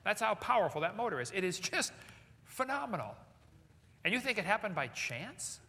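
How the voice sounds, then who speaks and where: A man giving a lecture to a live audience in a large hall, animated and jokey, firing rhetorical questions at the crowd. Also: high-pitched, normal speed. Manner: jokey asides. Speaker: seminar speaker. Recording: long hall reverb.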